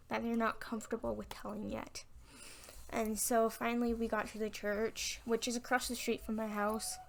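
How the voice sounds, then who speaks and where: A woman's voice: fairly high pitch, creaky, darkish tone. A young woman telling a personal story on her vlog, frank and candid, acting out what people said. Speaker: vlogger.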